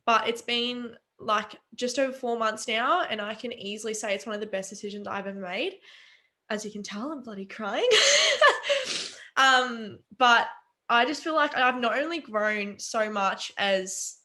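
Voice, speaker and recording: A young woman speaks over a video call in a fairly high voice. She tells her story earnestly, full of "um" and "like", with emotion close to the surface. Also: normal speed, pushed and bright. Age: young adult. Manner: earnest, emotional, many fillers. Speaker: webinar guest.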